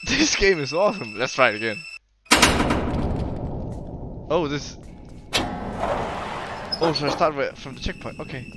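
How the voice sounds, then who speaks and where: Panicky high-voiced gamer man. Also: sing-song, a little slow, long pauses, heavy background noise. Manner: panicky, yelling and laughing while playing; swears often. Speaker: gaming YouTuber. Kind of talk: horror game let's play commentary. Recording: loud game music behind.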